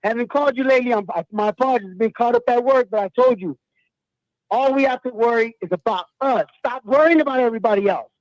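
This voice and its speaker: Fired-up caller over a dry phone line. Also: male voice, extremely high pitch, fast talker, no echo. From US West Coast. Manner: loud, fired-up, slangy. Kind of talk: call-in fan rant.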